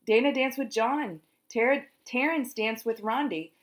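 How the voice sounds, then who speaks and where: A woman reading a children's book aloud, animated and singing out the sound effects herself. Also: a little high, unhurried. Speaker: storyteller.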